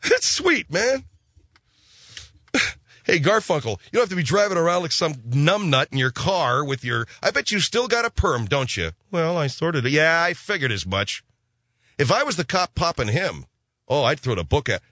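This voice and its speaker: A man's voice: fairly high pitch, big pitch swings, moderate pace, sharp tone, no room sound. A man hosting a talk radio show, riffing in a rambling comic rant full of hip slang.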